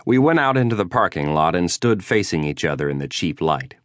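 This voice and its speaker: Deep, dry-voiced male audiobook narrator. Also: big pitch swings, fairly quick, no room sound. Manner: dry, understated, wry. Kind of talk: first-person audiobook narration. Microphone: close studio mic.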